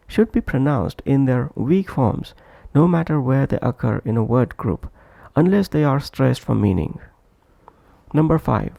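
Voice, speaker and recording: Man, English teacher, scripted lesson, dark gravelly voice, dry close sound. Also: medium pitch, expressive, no echo. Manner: slow and deliberate, repeating each example phrase.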